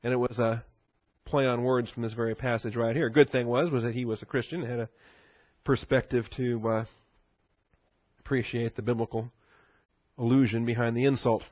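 A man's voice: mid-range voice, little pitch movement, normal speed, dry recording, dull audio. A male pastor preaching a sermon in a conversational teaching manner, asking rhetorical questions and chuckling.

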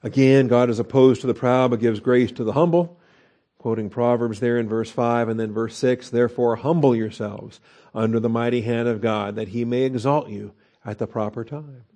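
Male Bible teacher, mellow tone, conversational expository delivery with fillers and rhetorical questions. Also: mid-range voice, fairly even intonation, moderate pace. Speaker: pastor teaching Bible study.

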